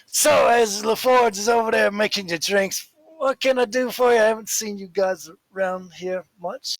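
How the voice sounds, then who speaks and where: A man voicing a jovial bearded male tavern keeper who talks loudly and heartily across the bar. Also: high-pitched, moderate pace, vocal fry, no room sound, pitched above the performer's own voice. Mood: chatty.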